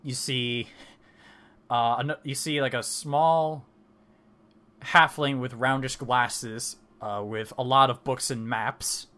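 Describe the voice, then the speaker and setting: A man's voice: medium pitch, steady tone, takes it slowly, sharp tone. A man narrating a tabletop game as dungeon master, rambling with many fillers and restarts.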